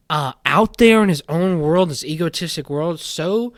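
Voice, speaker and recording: A young man hosting a casual podcast, commenting on paranormal community drama with animated indignation that drops into muttering. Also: fairly high pitch, normal speed, hardly any pauses, dry recording, clean studio sound. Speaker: podcast host.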